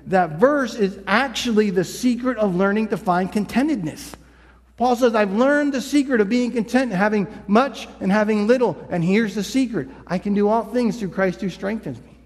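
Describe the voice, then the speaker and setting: Male pastor, high pitch, conversational sermon in a church with a long hall echo. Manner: conversational preaching with mock quotes. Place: church sanctuary.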